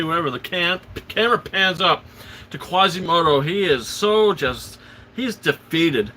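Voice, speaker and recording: A man hosting a live show, excitedly retelling a film's plot in a rambling, casual way, quoting the characters as he goes. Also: fairly high pitch, a little slow, slight background noise. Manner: excited, rambling retelling full of fillers and restarts; quotes characters in passing. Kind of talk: casual film recap on a livestream.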